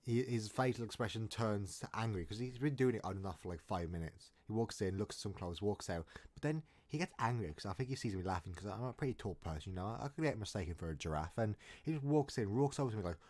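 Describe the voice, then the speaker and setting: Guy, lowish voice, rambling comic storyteller who keeps restarting his sentences. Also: expressive, fast, hardly any pauses, a little mellow. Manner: rambling and jokey, with frequent restarts. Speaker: storytime vlogger. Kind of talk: casual storytelling.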